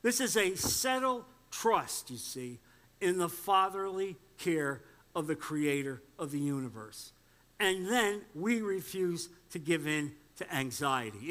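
A man's voice: high voice, sing-song, measured pace, a bit bright. A man preaching a sermon, emphatic and direct, quoting scripture and putting questions to the congregation. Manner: emphatic, repeats points and asks the congregation questions; quotes scripture aloud. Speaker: pastor.

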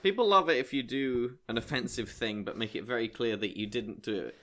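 A man's voice: mid-range voice, fairly quick, a bit bright. A man co-hosting a podcast, chatting casually in a rambling, wry way. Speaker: podcast co-host. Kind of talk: casual chat.

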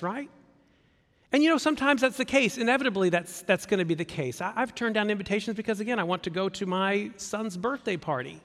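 Pastor, male, conversational sermon delivery; bright, very expressive pitch, long church reverb. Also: a little fast. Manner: conversational, animated, acts out quoted voices.

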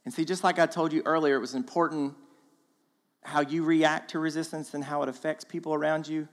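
Male guest preacher with a fairly high voice, casual and animated, recorded with a long church-hall echo. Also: a little fast. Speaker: guest speaker. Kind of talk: sermon. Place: church auditorium.

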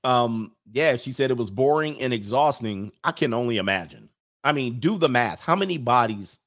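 A man's voice: mid-range voice, animated, moderate pace, a bit bright. A man hosting a livestream, reading chat comments and mocking them in a brash, joking way.

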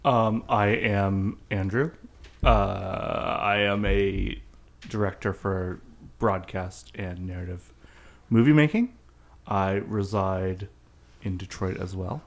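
A man's voice: deep voice, slow pace. A young adult man co-hosting a casual podcast with wry, joking banter. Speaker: podcast co-host.

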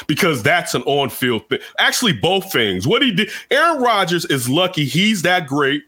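A man hosting casual sports talk, animated and rambling, jumping from loud outbursts to low asides. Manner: rambling, restarts often.

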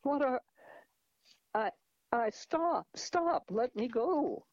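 A woman's voice: lowish voice, a little slow, creaky, warm tone, no echo, muffled recording. A man voicing a frightened young Mexican woman fighting off an attacker, with pleading, breathless cries. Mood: terrified.

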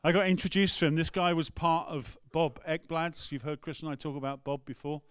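A man's voice: fairly high pitch, fairly even intonation, brisk, clear, resonant tone, no echo, studio quality. A man with an English accent, a rector preaching a sermon in a conversational, storytelling way. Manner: storytelling, conversational, acts out quotes. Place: church.

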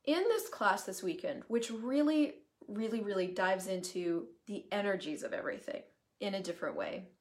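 A woman's voice: medium pitch, animated, moderate pace, a little mellow. A woman talking casually on a live video, chatty and emphatic, greeting viewers as she goes and swearing freely. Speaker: certified facilitator hosting a live video. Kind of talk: casual live-stream monologue.

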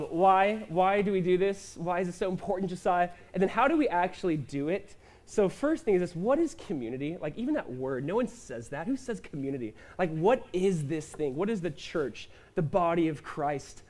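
A man's voice: high-pitched, darkish tone. A male pastor delivering a sermon in a conversational way, acting out quotes and asking the congregation questions. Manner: conversational preaching with quick asides and acted-out quotes.

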